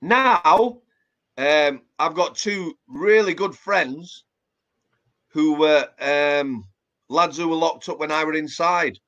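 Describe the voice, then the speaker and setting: A man's voice: a little high, slow pace, fairly bright tone, lo-fi sound. A man with a Yorkshire accent, a former prison officer chatting plainly in an interview, full of fillers and restarts. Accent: Yorkshire English. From Yorkshire, England. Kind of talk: casual interview chat.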